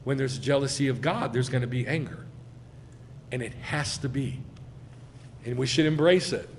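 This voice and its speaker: A man giving a sermon as a rabbi, speaking with emphasis and swelling loud on key phrases. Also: mid-range voice, normal speed, creaky, big-room sound, a little hiss or hum. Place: congregation sanctuary.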